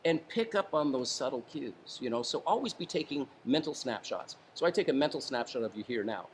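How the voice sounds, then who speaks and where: A man, a former hostage negotiator and author, giving advice in a casual interview, calm and deliberate, varying his tone and pausing for effect. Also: medium pitch, slight background noise. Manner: calm, varies tone and pauses for effect.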